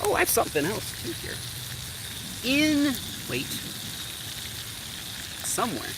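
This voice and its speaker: Chatty man, high voice outdoors. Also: huge pitch swings, takes it slowly. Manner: chatty, upbeat, talks straight to viewers. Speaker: fishing vlogger. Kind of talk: casual livestream chat while cooking. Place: outdoors on a riverbank. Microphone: camera on a tripod. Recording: outdoor camera audio with loud ambient noise.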